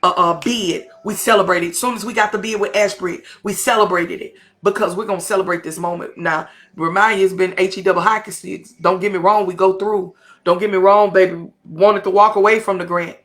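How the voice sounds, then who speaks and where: Texan woman pastor, middle-aged, drawl, bright forceful voice, fervent colloquial preaching to a live audience. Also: fairly low pitch. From Texas, US. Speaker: pastor and podcast host. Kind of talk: impassioned motivational talk to a live audience.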